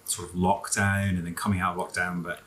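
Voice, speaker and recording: A man in a relaxed interview, chatting enthusiastically about food and drink while eating. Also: low-pitched, a little fast, slight background noise, low-quality recording. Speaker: interview guest. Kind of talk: casual interview chat.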